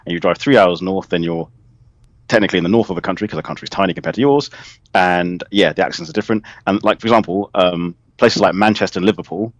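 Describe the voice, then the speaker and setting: Quick english guy from the southeast, low voice, teasing, dry close sound. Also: no room sound. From England. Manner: teasing, chatty, laughs a lot. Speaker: livestream host. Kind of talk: casual chat.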